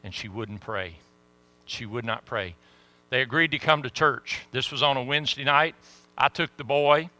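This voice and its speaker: Folksy man preaching, bright voice. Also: mid-range voice, no room sound. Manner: folksy, animated storyteller. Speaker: pastor. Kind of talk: sermon storytelling.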